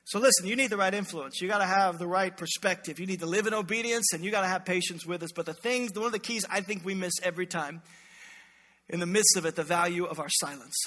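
Male pastor preaching, very high bright voice, long hall echo. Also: quick pace. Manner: animated, storytelling, jokes with congregation. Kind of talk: sermon. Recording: echoey hall reverb.

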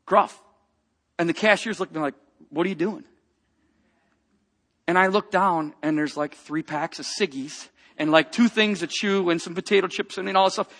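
A man preaching a personal testimony, telling a story with lively acted-out quotes and dropping to a hush for tender moments. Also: high-pitched, normal speed, long pauses. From grew up in a rough biker family.

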